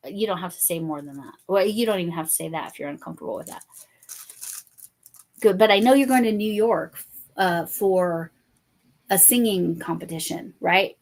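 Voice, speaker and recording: A woman's voice: on the low side, moderate pace, pauses often. A woman in her fifties hosting a crochet channel, chatting casually with viewers by name while she crafts, often correcting herself.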